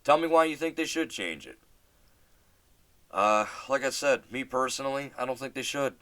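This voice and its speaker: A man's voice: mid-range voice, normal speed, pushed and bright, no echo. A man hosting a casual solo podcast and telling a story in a rambling way, with lots of fillers and restarts and casual swearing. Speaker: podcast host.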